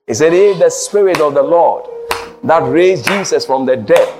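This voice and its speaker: A man preaching with a high, very animated voice that leaps into shouts and then drops low. He switches between Twi and English as he preaches. Faint music plays under him. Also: moderate pace. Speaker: pastor. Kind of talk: sermon.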